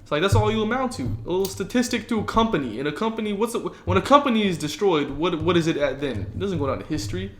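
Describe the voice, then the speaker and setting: A nineteen-year-old man from Southern California, co-hosting a casual podcast. His voice sits a bit high for a man and bounces around an echoey room. He tells stories animatedly, swears freely, and slips into voices for the people he quotes. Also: expressive, fast talker, hardly any pauses, slight background noise. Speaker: podcast co-host. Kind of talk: casual chat.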